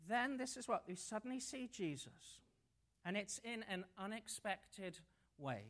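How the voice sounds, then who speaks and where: This is a preacher in the middle of a sermon. The telling is lively and story-driven, with light jokes worked in between the serious points, and the voice sits at a middling pitch. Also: a little slow.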